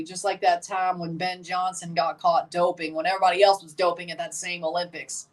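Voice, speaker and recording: A woman's voice: on the low side, little pitch movement, brisk, few pauses, far from the mic. A woman hosting a live watchalong stream, chatting with opinions and reacting aloud to the plays as they happen. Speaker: livestream host.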